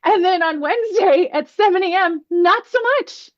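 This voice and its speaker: A woman's voice: very high-pitched, normal speed. Earnest woman guest, muffled lo-fi audio. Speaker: guest presenter. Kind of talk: casual podcast chat.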